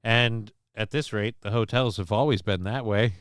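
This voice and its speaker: A man's voice: fairly low pitch, moderate pace, clear, resonant tone, no room sound, studio quality. A man hosting a casual livestream show, rambling with many fillers and crude jokes as he reads the chat. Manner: gets loud and excited over news figures.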